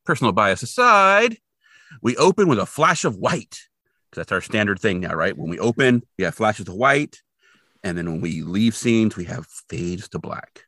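A man's voice: on the low side, very animated, normal speed, sharp tone, dry recording, clean studio sound. A man co-hosting a podcast, retelling a TV episode in casual, rambling chat with lots of fillers. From Portland, Oregon resident since 2003. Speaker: podcast co-host.

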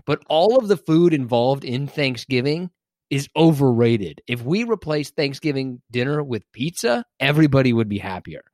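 A man's voice: medium pitch, animated, normal speed, a little mellow, no echo, clean studio sound. A man co-hosting a casual podcast, teasing and incredulous as he jokes. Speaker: podcast co-host.

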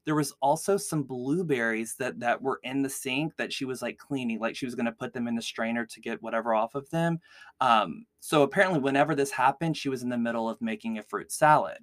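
Male podcast host, mid pitch, casual filler-heavy storytelling, dry recording. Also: a little fast, fairly bright tone, no room sound. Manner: chatty, heavy use of "like" fillers. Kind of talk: casual true-crime storytelling.

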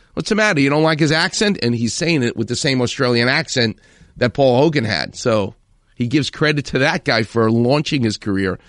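Animated male storytelling host. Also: mid-range voice, no room sound, studio quality. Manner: animated, enthusiastic retelling with acted quotes. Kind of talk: storytelling commentary.

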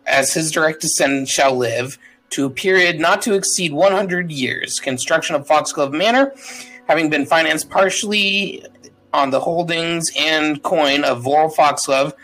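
A man playing a tabletop game, reading a legal deed aloud haltingly and stumbling over words with fillers. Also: fairly high pitch, a bit bright, low-quality recording. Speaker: player.

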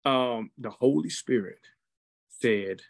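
A man who serves as a football team chaplain, telling a testimony story in an animated, preacherly way and acting out the quotes. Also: mid-range voice, moderate pace, dry recording.

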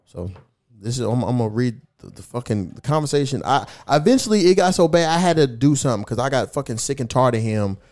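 A fast-talking man with a mid-range voice hosts a casual podcast, telling a profane story. Animated and mocking, he reads old text messages aloud and mocks the sender.

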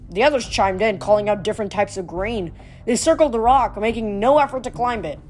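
Brief: woman narrator, steady novel reading, faint music behind. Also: mid-range voice, a little fast. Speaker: audiobook reader.

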